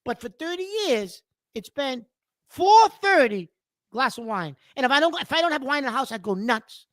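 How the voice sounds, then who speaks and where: A man's voice: extremely high pitch, animated, fairly quick, a bit bright, dry recording. A middle-aged man co-hosting a casual podcast chat, telling his habits in a blunt, matter-of-fact way. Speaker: podcast co-host.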